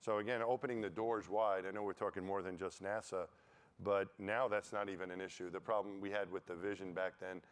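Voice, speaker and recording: A man on a conference panel telling casual, animated stories and acting out what others said to him. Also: low voice, brisk. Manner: animated anecdotes, acts out quoted voices. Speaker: panel speaker, former astronaut. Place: conference stage.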